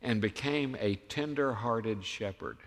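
A man preaching a sermon as a pastor, emphatic, firing rhetorical questions and swinging from hushed to loud. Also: mid-range voice, unhurried, in a large hall. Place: church sanctuary.

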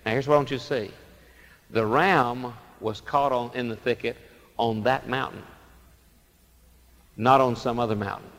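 A male pastor preaching a sermon, telling stories dramatically and swinging between loud emphasis and soft asides. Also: mid-range voice, steady tone, moderate pace, long pauses, big-room sound.

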